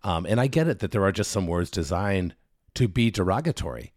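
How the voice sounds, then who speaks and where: A man's voice: deep voice, animated, a little fast, darkish tone, dry recording, studio quality. A man co-hosting a podcast in casual chat, ranting sarcastically and swearing freely. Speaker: podcast co-host.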